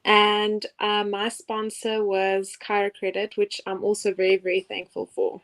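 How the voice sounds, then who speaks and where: A woman's voice: medium pitch, completely flat delivery, unhurried, fairly bright tone. A young woman from South Africa introducing herself politely as a guest on a video call. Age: young adult. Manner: polite, grateful. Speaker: panel guest.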